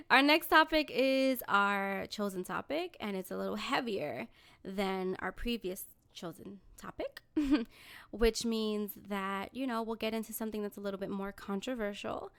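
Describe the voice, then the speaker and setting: A woman from New York City co-hosting a casual podcast, telling profane, animated stories with laughs. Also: mid-range voice, unhurried, creaky, clean tone. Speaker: podcast co-host. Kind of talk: casual chat.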